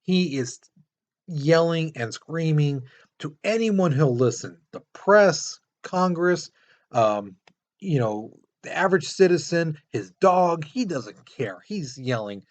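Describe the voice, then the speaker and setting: A man's voice: on the high side, animated, slow. A man teaching a history lesson in a casual, explanatory way, pointing to a map with many fillers. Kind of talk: classroom lecture.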